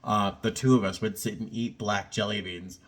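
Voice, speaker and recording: A man's voice: fairly low pitch, steady tone, moderate pace. A middle-aged man in a casual personal vlog, talking in a reflective, rambling way with many fillers and restarts, a little choked up. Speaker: vlogger.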